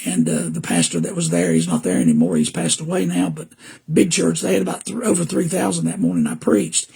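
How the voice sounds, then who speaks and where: A man's voice: a little high, big pitch swings, fairly quick, creaky, darkish tone, slightly rough. An older man with a Southern US accent, a preacher whose voice is weak and damaged, talking earnestly and rambling a little as he greets listeners by name. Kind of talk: casual podcast talk to live viewers.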